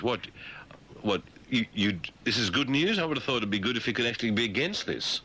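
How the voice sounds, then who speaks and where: A man's voice: mid-range voice, animated, fairly quick, pushed and bright, slight background noise. A man hosting a radio show with satirical commentary, mocking the news and slipping into silly voices. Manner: mocking, puts on silly voices mid-sentence. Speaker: radio host.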